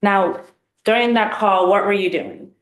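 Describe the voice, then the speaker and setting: A woman prosecutor questioning a witness in a courtroom, formal and measured. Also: medium pitch. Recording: echoey courtroom.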